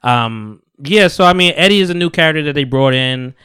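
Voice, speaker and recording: A man hosting a podcast in casual chat, profane and animated as he tells a story. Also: on the high side, brisk, smooth, no room sound, clean studio sound. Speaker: podcast host.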